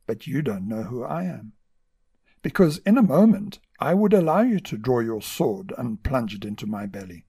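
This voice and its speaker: A peaceful, unafraid monk, played by a male storyteller, speaking softly and gently. The voice drops lower and quieter than the narration. It stays calm and unhurried throughout. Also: vocal fry, husky, dry recording, studio quality, heavily acted.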